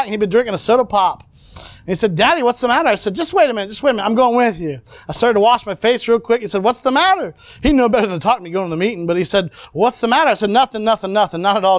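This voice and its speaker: Male preacher, high voice, dry sound, animated sermon. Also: dry recording. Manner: animated preaching with shouts and laughs.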